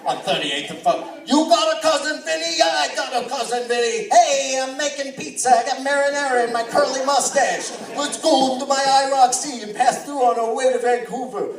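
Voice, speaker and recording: A man voicing a loud, brash New York Italian guy, shouting in a boisterous way. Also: very high-pitched, moderate pace, hardly any pauses, recorded from a distance, voice pushed up. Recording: echoey live theater, crowd noise.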